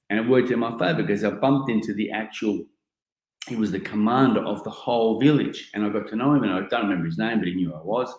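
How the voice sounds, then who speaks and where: Aussie bloke in his 40s telling a story at a keynote, deep voice, echoey hall. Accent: Australian. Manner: lively, animated storytelling with casual slang. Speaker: keynote speaker. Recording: roomy echoing hall.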